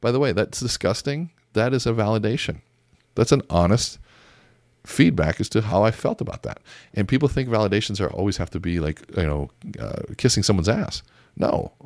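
Male communication coach with a very low voice and a dry, close sound, who teaches through animated stories. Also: brisk, dry recording. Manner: lively storytelling, acts out both sides of conversations. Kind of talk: teaching talk with acted-out examples.

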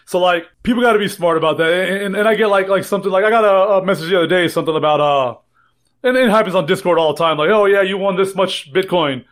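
A man's voice: sits high, very fast. A man co-hosting a casual trading podcast, rambling, joking and swearing freely. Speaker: podcast co-host.

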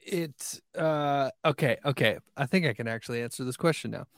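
Gravelly podcast guy, chill, chuckles a lot, dry sound. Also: mid-range voice, moderate pace, no room sound. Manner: relaxed, chuckling, trails off. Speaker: podcast co-host. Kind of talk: casual podcast chat.

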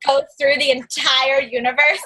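A woman's voice: high voice, flat delivery, unhurried, bright, forceful tone, low-quality recording. A young adult woman from the American South, a guest on a podcast, talking about her mentoring work in an effusive, swearing, enthusiastic way. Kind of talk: casual podcast interview.

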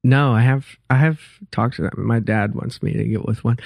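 A man's voice: mid-range voice, normal speed, creaky, darkish tone, dry recording. A male guest comedian in a casual podcast chat, rambling through stories and laughing as he talks.

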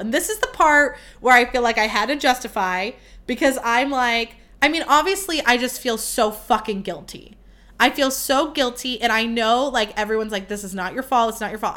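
A woman's voice: on the high side, pushed and bright. A young woman hosting a podcast, telling a story in a rambling, casual way, full of fillers and swearing. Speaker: podcast host.

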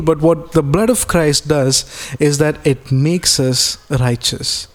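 A man's voice: on the high side, takes it slowly, hardly any pauses. A man preaching a sermon as a pastor, earnest and repeating key phrases, reading scripture aloud and explaining it plainly.

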